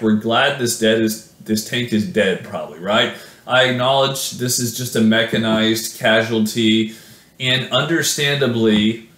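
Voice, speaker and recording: A man's voice: lowish voice, fairly bright tone, echoey room. A man reads his own sonnet aloud, then talks it through casually with many fillers and self-corrections. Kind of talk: poetry reading then casual explanation.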